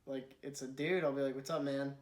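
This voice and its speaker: A man's voice: mid-range voice, flat delivery, brisk. Rambling young man telling silly stories. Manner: rambling storyteller who acts out voices in his anecdotes. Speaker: podcast co-host. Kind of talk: casual chat.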